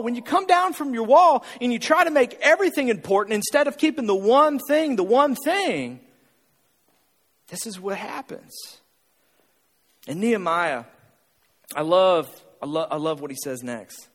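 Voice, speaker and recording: A man with a high, very lively voice preaching to his congregation, hammering his point home through repetition and pointed questions. His voice rings out with a long reverb, as if he were in a large hall. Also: moderate pace. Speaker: pastor. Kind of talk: sermon.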